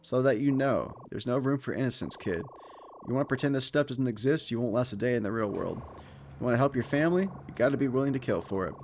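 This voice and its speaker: A man's voice: medium pitch, lively intonation, quick pace, darkish tone, slight background noise, natural voice. A man reading out a game's stern male assassin mentor in a grim, lecturing way.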